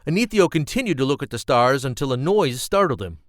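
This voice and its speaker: A man narrating an amateur fantasy story in a plain, steady way. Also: medium pitch, brisk, noisy background.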